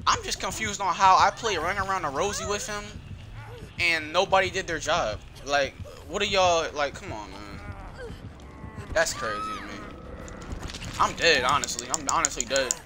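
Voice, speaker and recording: A man giving excitable gameplay commentary, yelling and complaining in slangy talk. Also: a little high, moderate pace, a little hiss or hum. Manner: slangy, frequent "bro". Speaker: gamer.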